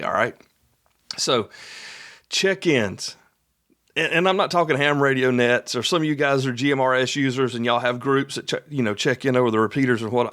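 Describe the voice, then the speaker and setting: A man's voice: mid-range voice, a bit bright. A man hosting an instructional podcast in a folksy, conversational way, often repeating his points. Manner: folksy, repeats points, acts out little dialogues.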